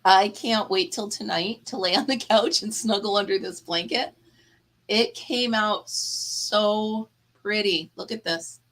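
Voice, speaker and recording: A woman's voice: medium pitch, unhurried, a bit bright. A woman hosting a casual live chat, tired and yawning, chatty and laughing often as she talks to her viewers. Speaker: livestream host.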